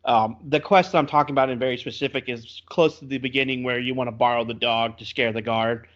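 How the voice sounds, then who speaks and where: A man chats casually on a video game review podcast, telling his stories with lively energy. His voice sits at an everyday middle pitch. The recording is a little dull and lo-fi. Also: brisk. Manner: chatty, animated storytelling with laughs. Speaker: podcast co-host. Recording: slightly dull lo-fi audio.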